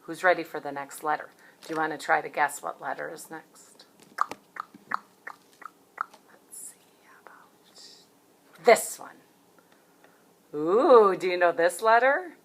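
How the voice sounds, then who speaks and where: A woman's voice: sits low, normal speed, creaky, slight background noise. A woman teaching a children's phonics lesson as a preschool teacher, cheerful and encouraging as she speaks to young children.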